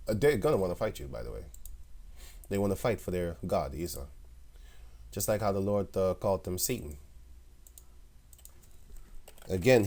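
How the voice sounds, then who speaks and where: A man's voice: deep voice, a little mellow. A man preaching online, reading Bible verses aloud and commenting on them between short chuckles. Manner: reads verses then comments, with frequent chuckles.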